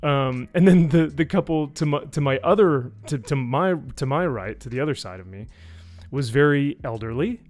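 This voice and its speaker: Sarcastic man ranting on a stream. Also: moderate pace. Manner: animated, sarcastic, many fillers, mimics people with high voices. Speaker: YouTube reviewer. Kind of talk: casual live-stream rant.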